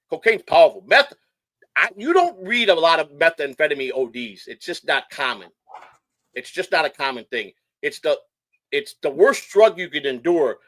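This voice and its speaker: A man's voice: a little high, bright, forceful tone, dry recording. Hyper, tense-voiced man from Chicago. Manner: hyper, rambling, profane storyteller. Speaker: show host. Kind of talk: casual livestream chat.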